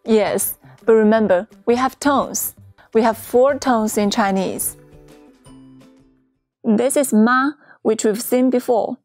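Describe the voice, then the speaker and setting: A woman's voice: fairly high pitch, takes it slowly, darkish tone. Woman teaching pronunciation over music. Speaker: Chinese teacher. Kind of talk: scripted lesson dialogue.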